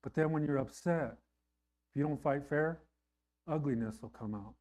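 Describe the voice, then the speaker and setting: A man's voice: on the high side, normal speed, a little mellow. Earnest, conversational man preaching a sermon. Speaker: pastor.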